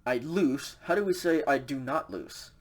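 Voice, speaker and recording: A man's voice: medium pitch, moderate pace. A man teaching a recorded language lecture over slides, explaining casually with many fillers and a frequent "okay" check.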